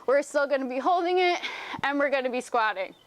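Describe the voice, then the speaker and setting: Leading a workout from home, a young fitness teacher demonstrates and explains every move step by step. Her high voice is animated and a little fast, and she sometimes runs short of breath.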